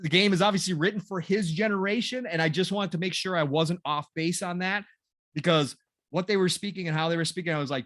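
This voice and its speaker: A man's voice: high voice, fairly quick, fairly bright tone, dry recording, studio quality. A man in his forties co-hosting a gaming podcast, rambling and sarcastic with a self-deprecating streak. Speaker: podcast co-host. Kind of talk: casual gaming news chat.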